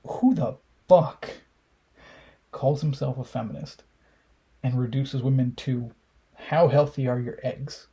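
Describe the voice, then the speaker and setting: Profane, mocking young man with a mellow voice. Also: mid-range voice, steady tone, measured pace, slightly rough. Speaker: commentator reacting to memes. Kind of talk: casual commentary.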